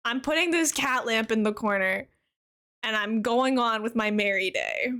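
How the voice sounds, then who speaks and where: A woman game streamer chatting casually with viewers while she plays, chatty and quick to giggle. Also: on the high side, sharp tone, clean tone. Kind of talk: casual live-stream chat while playing.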